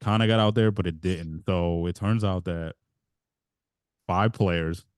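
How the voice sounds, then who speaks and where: A man's voice: sits low, a little slow, clean tone, no room sound, studio quality. A man co-hosting a podcast in casual chat, telling a rambling story and laughing as he goes. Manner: rambling, self-interrupting storyteller who laughs mid-sentence. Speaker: podcast co-host.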